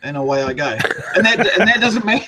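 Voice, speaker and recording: A man's voice: high voice, expressive, quick pace, crowd noise. A man with a New Zealand accent, a guest chatting casually and rambling through stories. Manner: rambling, self-deprecating storyteller. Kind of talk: casual podcast chat.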